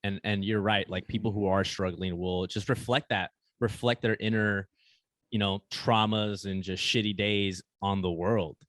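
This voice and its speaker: Deep-voiced laid-back podcast host. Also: male voice, steady tone, moderate pace, fairly bright tone, no room sound. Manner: laid-back, short affirming replies. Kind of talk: casual podcast chat.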